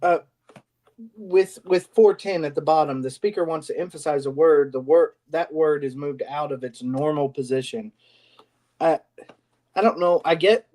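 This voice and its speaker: A man's voice: a little high, a little mellow. Male student thinking aloud in class. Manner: thinking aloud, rambling with restarts. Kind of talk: classroom discussion.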